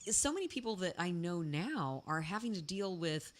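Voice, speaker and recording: A woman talking as a podcast guest in a casual chat, animated and chatty, often restarting her sentences. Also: fairly low pitch, normal speed.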